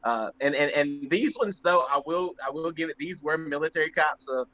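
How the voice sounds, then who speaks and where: A man's voice: a little high, normal speed. A young man co-hosting a podcast, telling stories casually and acting out the voices of people in them. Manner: animated, acts out voices in anecdotes. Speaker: podcast co-host. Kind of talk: casual storytelling. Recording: slightly muffled lo-fi audio.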